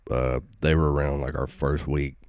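A man hosting a podcast, reading out listener shoutouts in a laid-back, rambling, self-deprecating way. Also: extremely low pitch, little pitch movement, moderate pace, no echo, dull audio. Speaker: podcast host. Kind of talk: casual solo shoutout monologue. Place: at home.

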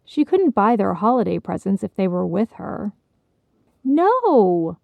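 Woman storyteller, measured read, gravelly and dark, dry close sound. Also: medium pitch, animated, no echo, narrow, tinny audio. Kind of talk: scripted story narration.

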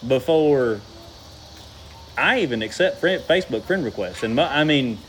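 A man's voice: mid-range voice, lively intonation, normal speed, a bit bright, slight background noise, low-quality recording. A man preaching a sermon in a folksy, conversational way, asking the congregation questions. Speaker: pastor.

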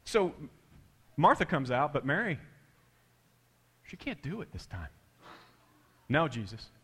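A man preaching a sermon with big swings in loudness and pitch, dropping to a hush for quoted words. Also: big pitch swings, slow, husky, big-room sound. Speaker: pastor.

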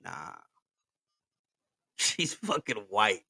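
Laughing man, bright voice. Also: lowish voice, sing-song, extremely slow, creaky, slightly rough, no room sound, studio quality. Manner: laughing, swearing, switching between English and Spanish; drinking while talking. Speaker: podcast host. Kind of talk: casual storytelling chat.

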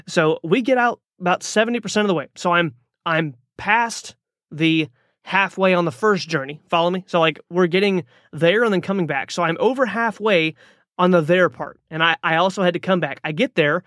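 A man's voice: sits high, a little fast, a bit bright, dry recording, clean studio sound. A man hosting a podcast, telling a personal story in a motivational monologue, talking casually with lots of fillers and restarts. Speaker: podcast host.

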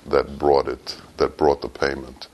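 A man teaching a sermon through a story, with sudden loud, high bursts breaking up his low, quiet telling. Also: completely flat delivery, measured pace, slight background noise, low-quality recording.

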